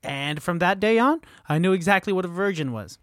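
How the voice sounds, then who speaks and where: A man's voice: sits high, animated, a little fast, a bit bright, no echo, clean studio sound. A young man co-hosting a podcast, joking and rambling in casual chat. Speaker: podcast co-host.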